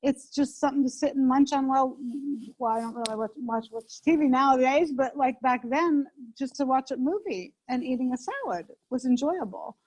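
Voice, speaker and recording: A woman's voice: high voice, expressive, moderate pace, hardly any pauses, a little mellow. A middle-aged woman chef chatting in an interview, rambling with many restarts. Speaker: interview guest, home chef. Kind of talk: casual interview chat. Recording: dull lo-fi sound.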